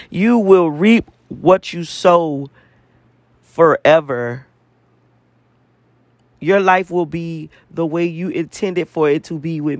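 Man, high-pitched, profane repetitive rant, dry close sound. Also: no room sound. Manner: profane, emphatic, repeats phrases for emphasis. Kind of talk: casual spiritual rant to camera.

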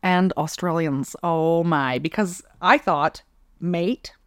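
Deadpan Canadian woman podcaster. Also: fairly low pitch, takes it slowly, clean tone, no echo. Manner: dry, deadpan wisecracks. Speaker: podcast co-host. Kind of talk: casual chat.

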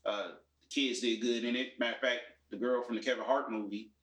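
A man in casual chat about movies and shows, explaining his views in a relaxed way with many fillers. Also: medium pitch, fairly quick. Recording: echoey room.

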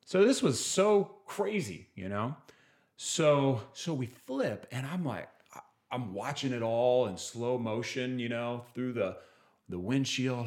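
A man tells a personal story on a podcast in a casual, animated way, with a voice that swings widely up and down. He often trails off, restarts sentences, and slips into acting out other people's words. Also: medium pitch, measured pace. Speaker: podcast guest.

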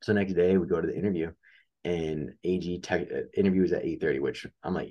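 A young man with a very low, deep voice talks casually as a guest on an interview show. He tells a story about his coaching career and plays each person's lines himself as it unfolds. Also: fast. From upstate New York. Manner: animated storyteller acting out quoted dialogue.

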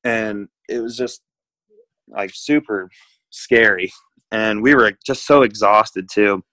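A man from the United States tells a long travel story in a loose, rambling way, with lots of filler words. His voice sits a bit low. The sound is dry and close, with no room echo. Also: fairly even intonation, takes it slowly, pushed and bright. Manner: rambling, laid-back, lots of "like". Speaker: guest. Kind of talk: casual storytelling.

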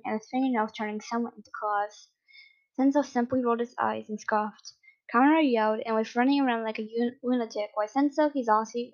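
A woman reading fan fiction aloud in a plain, steady way with small slips. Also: fairly high pitch. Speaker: reader. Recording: dull lo-fi recording.

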